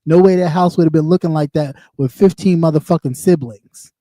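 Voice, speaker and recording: Swearing constantly, a man rants heatedly and mockingly while hosting a livestream. He speaks fairly quickly in a slightly high, mellow voice, with clean, echo-free studio sound.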